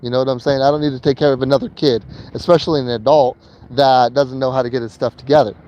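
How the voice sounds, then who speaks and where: A man's voice: medium pitch, fairly even intonation, fast talker, a little mellow, lo-fi sound, a little hiss or hum. A man telling a personal story in a casual vlog while in a vehicle he is driving, talking loosely with slang and many fillers and repeats. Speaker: vlogger.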